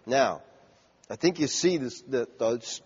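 A man's voice: mid-range voice, expressive, takes it slowly, a little mellow, husky. Emphatic male preacher in a reverberant hall. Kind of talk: sermon. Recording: dull lo-fi, long hall reverb.

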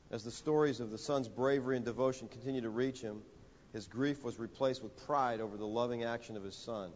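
A man preaching a sermon, telling a story and building to emphatic, rising lines with dramatic pauses. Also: medium pitch, a little mellow. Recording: dull audio in a reverberant hall.

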